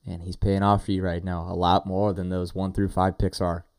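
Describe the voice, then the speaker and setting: A man co-hosting a fantasy football podcast in casual, animated chat with friendly slang. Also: deep voice, moderate pace, dry recording, studio quality.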